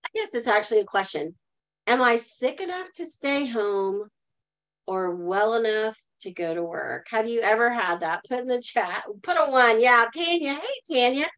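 A woman's voice: fairly high pitch, animated, normal speed, fairly bright tone, low-quality recording. A middle-aged woman telling a personal story as a guest in a live online talk, earnestly, and asking the audience to answer in the chat. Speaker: guest speaker.

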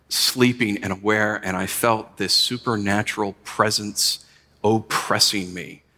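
A man preaching a sermon as pastor, telling stories and rising to animated emphasis. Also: lowish voice, in a large hall.

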